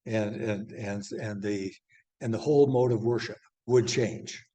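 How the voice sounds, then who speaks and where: An older man lecturing a church class, halting and rambling with many fillers and restarts. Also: lowish voice, fairly even intonation, mellow. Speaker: class teacher.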